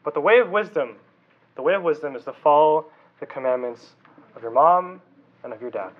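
A man's voice: on the high side, lively intonation, fairly quick, narrow, tinny audio. A man preaching a casual, conversational youth sermon, often asking the audience questions. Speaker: youth pastor.

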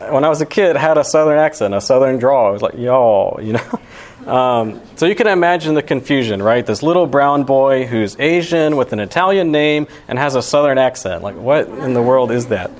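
A young man giving a sermon as pastor, talking in a casual, conversational way with lots of "you know" and "right". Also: medium pitch. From Alabama.

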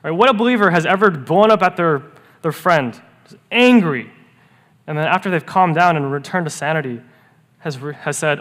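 A man preaching a sermon as pastor, earnest, rising to emphatic peaks and dropping to hushed, quiet lows. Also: lively intonation, moderate pace. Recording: long reverb of a church hall.

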